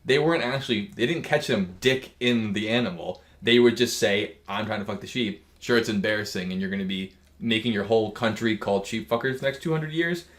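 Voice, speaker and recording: A man's voice: lowish voice, brisk, few pauses, fairly bright tone. A man co-hosting a podcast, telling a rambling, profane, joking story in casual chat. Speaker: podcast co-host. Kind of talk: casual crude comedic chat.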